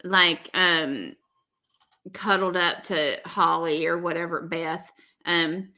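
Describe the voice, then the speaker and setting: Woman podcast host, lower-pitched, crisp bright tone, rambling gossipy delivery. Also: steady tone, takes it slowly. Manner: rambling, filler-heavy, gossipy. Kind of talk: casual podcast chat.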